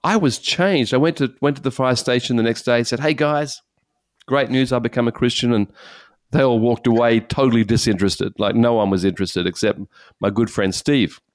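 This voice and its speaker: A man, a pastor, giving an earnest, animated personal testimony in conversation. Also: mid-range voice, brisk, dry recording, clean studio sound. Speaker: pastor and guest speaker.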